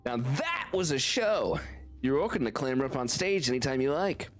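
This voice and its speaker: A man's voice: medium pitch, very animated, moderate pace, pitched below the performer's own voice, natural voice. A smug, showy male entertainer from a video game, talking down in a snooty, theatrical tone, as a man reads his part aloud. Faint game music plays behind him. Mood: grandiose.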